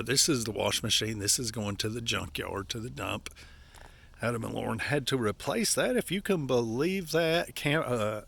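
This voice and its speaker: Out of breath from labor, this gravelly older Appalachian campground owner vlogs as he walks through the wooded grounds. His fairly low voice has a bright, forceful edge, and his folksy, talkative style keeps circling back to "folks."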